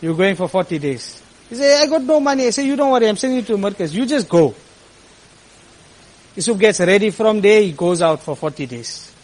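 Imam, high tenor-ish voice, earnest sermon storyteller, surges into impassioned peaks. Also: male voice, lively intonation, brisk, poor audio.

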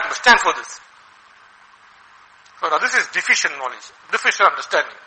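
High, sharp-voiced male preacher. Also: fairly quick, long pauses, rough recording. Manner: animated, asks rhetorical questions, acts out quoted voices. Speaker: Islamic preacher. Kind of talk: sermon.

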